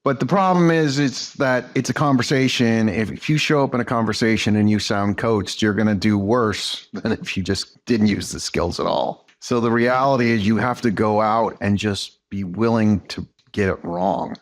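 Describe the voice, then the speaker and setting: A man with a fairly low voice chatting loosely as a podcast guest. He wanders through his stories with restarts and fillers and slips into quick voices for the people he quotes. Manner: rambling, restarts sentences, many fillers. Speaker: guest, negotiation trainer and EOS implementer. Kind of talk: casual conversational storytelling.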